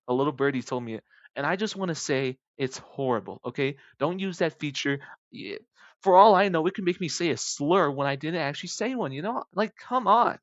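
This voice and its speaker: A young man rambling casually to his YouTube viewers, jumping into high squeaky voices for the people in his made-up stories. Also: a bit bright, no echo, highs cut off.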